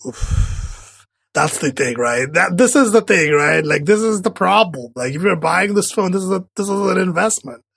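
A man chatting casually as co-host of a tech podcast, rambling and restarting his sentences. His voice is gravelly and a bit husky, pitched fairly high. The sound is close and dry. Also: animated, moderate pace, fairly bright tone, no room sound. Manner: rambling, many fillers and restarts.

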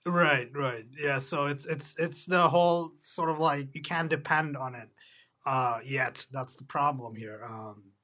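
Bright-voiced man co-hosting a tech podcast. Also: a little high. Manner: halting, many restarts and fillers. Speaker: podcast co-host. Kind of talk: casual tech podcast chat.

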